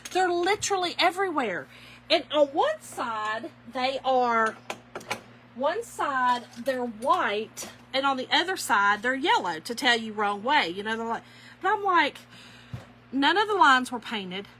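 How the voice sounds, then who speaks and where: Woman, crafting vlogger, animated and folksy, bright slightly high voice, faint room noise behind. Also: measured pace. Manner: animated, folksy, addresses viewers as y'all. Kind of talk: chatty storytelling while crafting.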